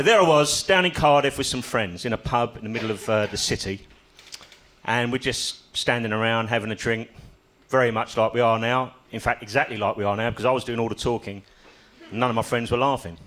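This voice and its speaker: A man's voice: mid-range voice, a bit bright. An older man doing a stand-up comedy set on a club stage, telling stories with dry, self-mocking humor.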